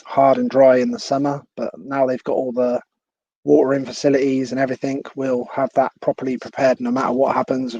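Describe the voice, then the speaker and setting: A man's voice: medium pitch, mellow, husky, muffled recording. A man hosting a casual live stream at home, chatty and laughing at himself. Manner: chatty, laughs often, self-deprecating. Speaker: livestream host.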